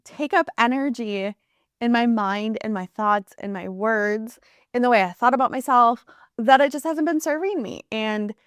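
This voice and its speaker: A woman in her thirties hosting a reflective solo podcast, speaking earnestly and warmly about her life with gentle laughs. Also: fairly high pitch, smooth, no echo, studio quality. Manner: earnest and heartfelt, with soft laughs. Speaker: podcast host.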